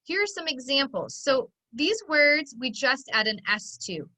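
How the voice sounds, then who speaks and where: A woman teaching a children's phonics lesson, her voice bright and fairly high. She talks patiently and breaks words into sounds and syllables, slowly and clearly. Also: very animated, poor audio.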